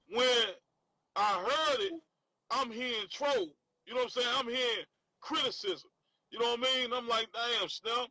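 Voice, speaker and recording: A man's voice: extremely high pitch, sharp tone, dry recording, poor audio. A man from Washington, D.C., with a D.C. accent that has a Southern, country tinge. He hosts a candid conversation and rambles, with constant fillers. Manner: rambling, with constant "you know what I'm saying" fillers.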